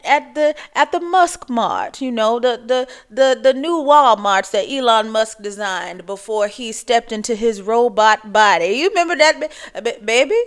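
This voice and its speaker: A woman in her forties voicing a scatterbrained elderly woman content creator in a high, drawn-out, doting voice. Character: chirpy elderly woman vlogger, scatterbrained and sweet.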